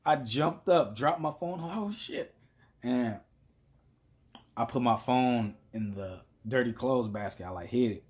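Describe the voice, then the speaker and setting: Dude vlogging, loose and crude, just talking to camera. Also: male voice, medium pitch, unhurried, darkish tone. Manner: blunt, profane, loose. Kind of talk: casual storytelling monologue.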